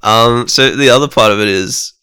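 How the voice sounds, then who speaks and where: A young man co-hosting a podcast, talking casually and thinking aloud with pauses. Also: medium pitch, bright, forceful tone, clean tone. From Australia. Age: young adult. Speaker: podcast co-host. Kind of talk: casual chat.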